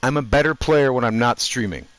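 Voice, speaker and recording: A man doing animated, joking commentary while streaming a video game and talking to his chat. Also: medium pitch, fairly quick, no echo. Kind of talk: gaming commentary.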